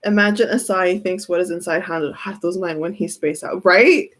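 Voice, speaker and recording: A woman's voice: on the low side, a little fast. A woman giving a casual tarot reading who keeps breaking into giggles as she talks. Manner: giggly, often breaks into laughter. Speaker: tarot reader.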